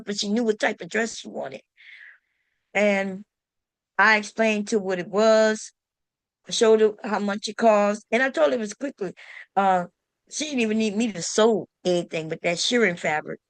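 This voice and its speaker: A woman's voice: mid-range voice, no echo. A woman hosting a sewing channel, telling a story to camera in a casual, emphatic way and talking straight to her viewers with exasperated rhetorical questions.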